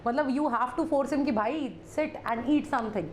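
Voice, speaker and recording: A woman's voice: high-pitched, fast talker, slight background noise. A woman teacher with an Indian English accent, chatting playfully with students during a live online class and mixing Hindi into her English.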